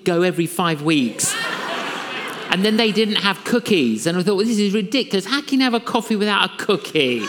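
Lively preacher in a reverberant hall. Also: medium pitch. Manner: animated, acts out dialogue with laughter. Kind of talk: storytelling sermon. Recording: long reverb of a large hall.

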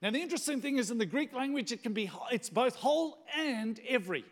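A man with a notably high voice leads a church service as its pastor. He preaches with rising emphasis, and his words ring out through a long reverberant hall. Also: expressive, fast. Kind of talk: sermon. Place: church sanctuary.

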